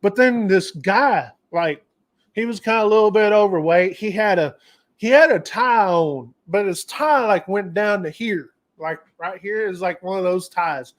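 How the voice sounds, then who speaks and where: Male host, higher-pitched voice, loose rambling storyteller on a casual livestream. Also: measured pace. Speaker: trucking channel host.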